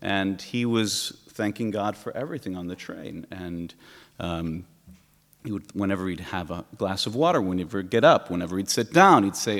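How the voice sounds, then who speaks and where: A middle-aged male pastor giving a sermon, telling stories with animated, acted-out exclamations. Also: sits low, moderate pace. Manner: animated storytelling, acting out exclamations. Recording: long hall reverb.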